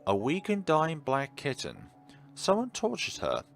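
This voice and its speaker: A man voicing a lonely, dreamy young girl with a dark streak, reading the game text in a wistful sing-song way. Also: on the high side, huge pitch swings, unhurried, gravelly, faint music behind, pitched above the performer's own voice, heavily acted.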